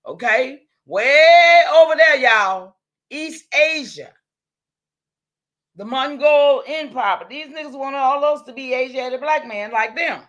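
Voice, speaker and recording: A woman with a high-pitched, fairly bright voice hosts a livestream. She talks directly to her audience, hammering points home by repeating them, and apologises after swearing in heated moments.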